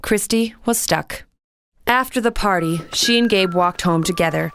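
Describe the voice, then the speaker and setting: A woman narrating a children's audiobook in a clear, expressive storytelling voice. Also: mid-range voice, normal speed, a little hiss or hum.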